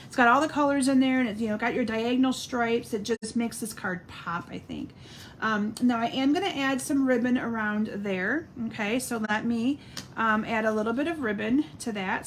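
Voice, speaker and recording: A woman's voice: a little high, slight background noise. A middle-aged woman demonstrating card making on a live stream, chatting and answering viewer comments as she works. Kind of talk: live-stream craft demo.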